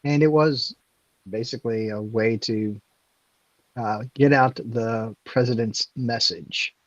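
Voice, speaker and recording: A man co-hosting a casual podcast, slowly sharing trivia. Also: mid-range voice, fairly even intonation, dry recording, muffled recording. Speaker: podcast co-host.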